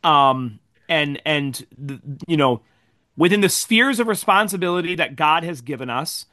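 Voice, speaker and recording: A man's voice: a little high, expressive, normal speed, bright, forceful tone, no room sound, studio quality. A man co-hosting a Christian discussion panel, talking in an earnest, expansive way and laughing easily. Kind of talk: casual discussion.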